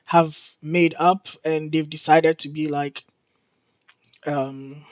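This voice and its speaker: A man hosting his show, casually recapping a TV episode in an excited, storytelling way. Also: on the high side, dry recording. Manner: excited storytelling, laughs and gasps in disbelief. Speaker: host.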